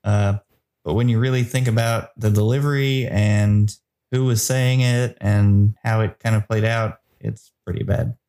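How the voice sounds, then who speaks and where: Guy hosting a movie podcast, lowish voice, pretty flat, mellow tone. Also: measured pace. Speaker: podcast host. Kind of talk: casual movie review chat.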